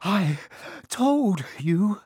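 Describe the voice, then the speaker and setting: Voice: medium pitch, very animated, measured pace, a little mellow, dry recording, clean studio sound, voice pushed up. A narrator voicing a clever, bossy schoolgirl who talks breathlessly and insistently, in an audiobook reading.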